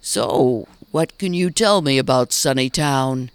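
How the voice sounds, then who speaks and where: A woman's voice: very deep voice, clean tone, no echo, pitched below the performer's own voice. Mayor Poojum, a woman doing a courtly stuffed bear. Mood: grave. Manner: measured, courteous, grave. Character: kindly stuffed bear mayor, male, formal.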